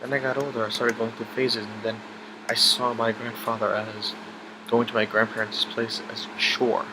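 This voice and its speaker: Young man, personal story vlog, halting and emotional, middle pitch, noisy background with air-con hum. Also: flat delivery. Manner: halting, emotional, many restarts and fillers.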